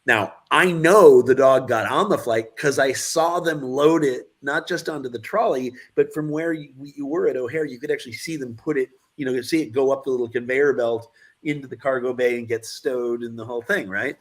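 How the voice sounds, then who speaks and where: A man around sixty tells stories as a guest in a casual interview. His voice sits at a middle pitch, and he keeps the telling lively by acting out the voices of the people in his stories. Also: normal speed. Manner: animated anecdote-telling, acting out the voices of others. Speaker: guest filmmaker.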